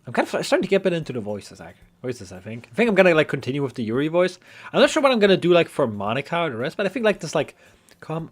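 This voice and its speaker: A man's voice: fairly high pitch, huge pitch swings, very fast. A man giving casual, rambling commentary while he plays a visual novel, often stumbling and restarting his sentences. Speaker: gamer. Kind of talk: gameplay commentary.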